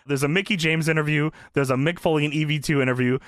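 A man's voice: on the high side, steady tone, fast, a bit bright, dry recording, studio quality. A man co-hosting a casual wrestling recap chat. He laughs often, swears freely and acts out the wrestlers' lines. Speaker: podcast co-host.

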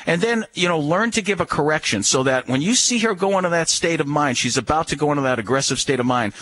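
A man's voice: fairly high pitch, lively intonation, quick pace, a bit bright, slight background noise. Firm, coaching man on the radio. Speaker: radio guest giving dog advice. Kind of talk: casual radio chat.

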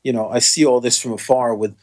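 A man's voice: mid-range voice, steady tone, fast talker. A man from the United States, a podcast guest in casual chat, musing aloud and often trailing off.

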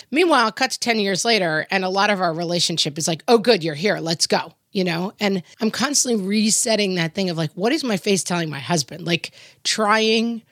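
Middle-aged female co-host, low-pitched, animated storyteller, dry studio sound. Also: dry recording. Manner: animated storyteller, acts out quoted voices. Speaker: podcast co-host. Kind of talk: casual conversation.

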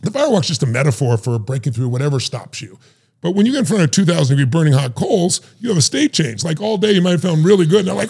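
A middle-aged man telling stories in an animated, emphatic way and acting out the voices he quotes. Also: on the high side, very fast, vocal fry, husky. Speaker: guest, life strategist. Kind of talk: animated storytelling.

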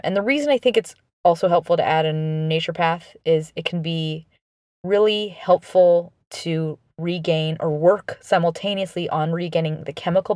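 Low-pitched woman talking right at you, earnest and encouraging, dry close sound. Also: no echo. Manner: earnest, encouraging, direct address to listener; many fillers and restarts. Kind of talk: advice monologue.

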